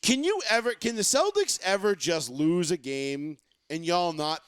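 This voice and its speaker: A man's voice: sits high, big pitch swings, measured pace, a bit bright, clear, resonant tone, no room sound. A man hosting a casual sports talk podcast, ranting and swearing, mocking fans, into a close mic. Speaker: podcast host.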